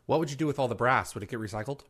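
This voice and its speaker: A man's voice: medium pitch, racing, a bit bright. A man hosting a live online interview over a video call, asking short questions and thanking his guest. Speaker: host.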